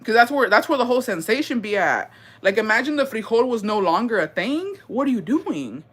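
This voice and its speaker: A young woman hosting and reading viewer stories in a casual, animated chat, swearing freely and mixing in Spanish words. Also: a little high, brisk, breathy edge. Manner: bursts of laughter and dramatic reactions.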